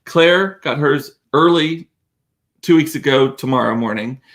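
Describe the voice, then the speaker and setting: A man's voice: a little high, measured pace, a bit bright. Middle-aged man, host, rambling self-amused chat. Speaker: show host. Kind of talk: casual chat. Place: warm room with door closed.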